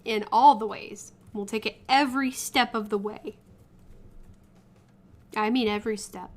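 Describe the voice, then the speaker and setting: A woman's voice: a little high, fairly even intonation, a little slow, pauses often. A woman streamer reading a dating game aloud in a playful way, laughing often and swearing.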